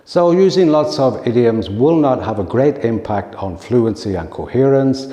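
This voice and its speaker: Man giving a measured teaching talk in an echoey room. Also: mid-range voice, lively intonation, warm tone, dull audio. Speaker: teacher trainer. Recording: echoey room with long reverb.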